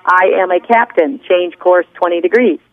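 A woman's voice: on the low side, normal speed, dry recording, close to an everyday voice. A barking navy captain, as a woman puts him on. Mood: commanding. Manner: barked orders. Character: angry male navy captain, commanding, barking. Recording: tinny phone line.

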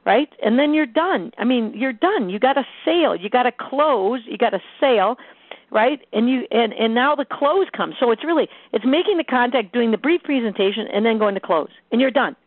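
A woman's voice: fairly high pitch, normal speed, dry recording. Sales coach lady, punchy and repetitive, sounds like a phone call, super dry. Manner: energetic, emphatic, repeats key phrases. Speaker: sales trainer. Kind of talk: coaching talk to a sales team. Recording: tinny phone-like line, dry.

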